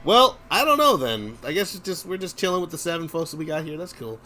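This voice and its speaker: A man's voice: a little high, lively intonation, quick pace, bright, forceful tone. A young man chatting casually on a game development stream, teasing and joking with his co-host.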